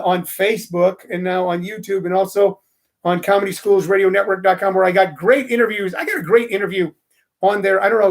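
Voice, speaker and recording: A middle-aged man with a high, creaky voice hosts a loose, rambling live stream. He chats with viewers and greets them by name.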